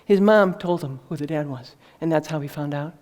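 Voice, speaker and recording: A woman's voice: low voice, a little fast, darkish tone. Woman author telling an earnest story. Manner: earnest, with many fillers and restarts. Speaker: author presenting her book. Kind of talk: conversational storytelling talk.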